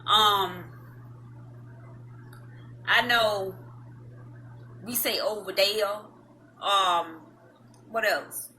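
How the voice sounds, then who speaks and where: Bright-voiced Southern woman chatting casually. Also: medium pitch, extremely slow, pauses often, a little hiss or hum. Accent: Southern US (North Florida, Georgia-like). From Madison, Florida, US South. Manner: rambling, folksy, laughs often, many ums. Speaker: vlog host. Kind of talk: casual chat to camera.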